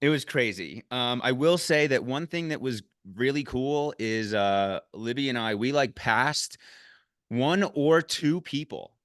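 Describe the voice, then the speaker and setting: A man in casual chat recapping an ultramarathon, getting loud and high when excited and swearing freely. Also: a little slow, no echo, clean studio sound. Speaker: podcast host recapping a race.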